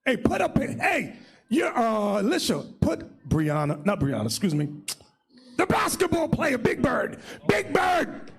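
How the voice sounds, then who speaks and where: A man leading a religious class as bishop, preaching in a loud, mocking, shouting manner. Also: very high voice, huge pitch swings, measured pace, gravelly, slightly rough. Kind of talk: fiery religious teaching.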